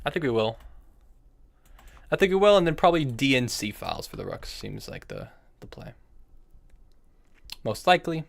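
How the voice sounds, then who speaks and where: A man's voice: a little high, big pitch swings, normal speed, creaky, pauses often. A young man streaming chess online, thinking aloud about his moves, repeating himself and answering chat messages between moves. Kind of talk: live-stream commentary while playing chess.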